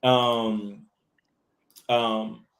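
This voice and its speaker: A man, an actor, talking casually in an interview, animated and full of restarts and fillers. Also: fairly low pitch, very slow, reverberant, low-quality recording. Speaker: actor, podcast guest.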